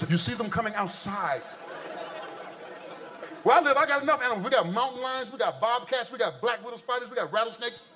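A man from the United States working a stand-up stage, his voice very high and forceful. He tells stories in an animated, exaggerated way while an audience laughs faintly behind him. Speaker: stand-up comedian. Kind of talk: live stand-up comedy. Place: stage before a live audience.

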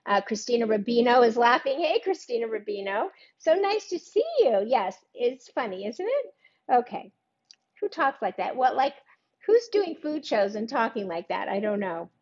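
A woman's voice: a little high, lively intonation, moderate pace, muffled recording. An older woman hosting a live-streamed cooking demo, chatting casually, joking at her own expense and greeting viewers by name. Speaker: cooking show host.

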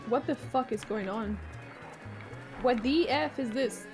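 Faint giggles and free swearing mark this young woman's casual gameplay chat as she rambles and teases herself. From Quebec, Canada, with Quebec French as her first language, she speaks unhurriedly in a slightly high voice while music plays in the background.

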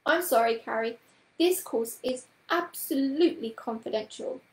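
A woman voicing Miss Price, a prim middle-aged witch with a brisk, precise, reproving manner, in a read-aloud story. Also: high voice, roomy sound, lightly acted, poor audio.

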